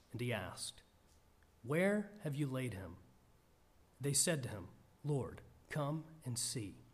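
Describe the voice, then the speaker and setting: A man reading scripture aloud and then preaching on it, slow and earnest. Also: mid-range voice, a little mellow. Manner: slow, measured, earnest delivery.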